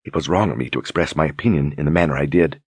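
A male narrator voices a demure young duchess in an audiobook, making her soft-spoken, courteous, flattering and gentle. His voice is very deep and husky and his delivery rapid-fire, recorded close and dry with no room sound.

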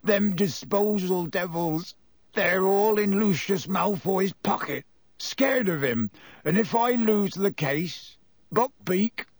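A man voicing a huge, rough-spoken gamekeeper who talks through choking sobs. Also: sits high, slow, no echo, voice pushed up. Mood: despairing. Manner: broken, choked and wailing.

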